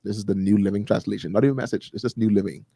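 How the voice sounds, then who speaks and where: A man's voice: on the low side, fairly even intonation, racing, gravelly, dark tone, slightly rough, no room sound, studio quality. A man from the Bahamas co-hosting a radio talk show, laughing often and reading listener comments aloud. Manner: laughs often, short agreeing interjections. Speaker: radio co-host. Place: radio studio.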